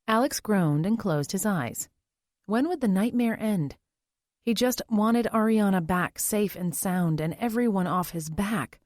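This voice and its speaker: In a clean, dry studio recording, a woman with a mid-range voice reads scripted audiobook narration. Her storytelling is steady and measured.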